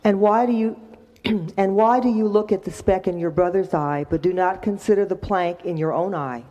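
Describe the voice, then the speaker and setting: A woman's voice: medium pitch, moderate pace, dark tone, muffled recording. A woman in the congregation reading a scripture passage aloud. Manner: reads aloud plainly from the congregation.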